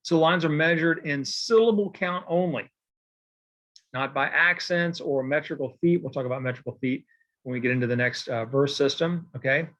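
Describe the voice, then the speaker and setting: A man gives a recorded poetry lecture in a loose, conversational way. His voice sits a little high for a man, and he keeps checking in with his listeners as he goes. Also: moderate pace, a bit bright. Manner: casual and digressive, with many fillers and "okay?" check-ins. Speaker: poetry teacher.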